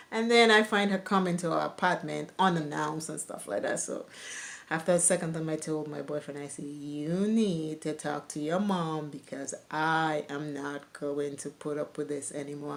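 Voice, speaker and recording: A young woman vlogger telling her own life story candidly, laughing now and then while recalling hard memories. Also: low voice. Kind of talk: personal storytelling.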